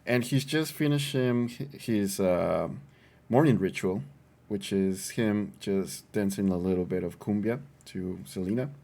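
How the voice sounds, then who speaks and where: Low, gravelly man playing a tabletop game. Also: warm tone. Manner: halting, amused. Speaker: player. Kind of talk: describing his character in a tabletop game.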